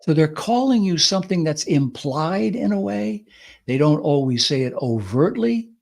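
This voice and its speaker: A man's voice: fairly high pitch, normal speed, creaky. A man co-hosting a talk show, explaining and acting out examples of what people say. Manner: explanatory, lively acted quotes. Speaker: podcast co-host. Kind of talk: conversational advice talk.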